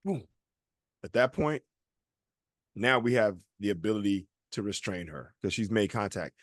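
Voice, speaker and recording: A man's voice: fairly low pitch, animated, normal speed, dry recording, studio quality. A man co-hosting a podcast, telling a long story in a casual chat and acting out the people he quotes. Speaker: podcast co-host.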